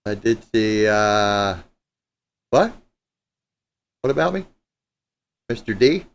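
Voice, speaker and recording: A man's voice: lowish voice, vocal fry. A man hosting a live guitar stream, chatting loosely and joking with viewers, with a few profane asides. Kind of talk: casual live-stream chat. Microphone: streaming setup mic.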